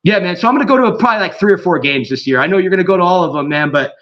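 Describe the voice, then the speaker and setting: A man from Southern California, a podcast guest, chatting casually in an excited, rambling way full of slang. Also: high voice, rapid-fire. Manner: excited, rambling, slangy, mimics others in quoted voices. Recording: dull lo-fi audio.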